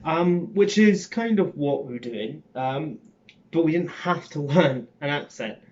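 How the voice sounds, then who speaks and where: A man's voice: a little high, animated, measured pace, a little mellow. A young man with a Cockney accent, an acting student rambling casually to his channel with lots of ums and swearing. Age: young adult. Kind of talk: casual chat. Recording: dull lo-fi sound.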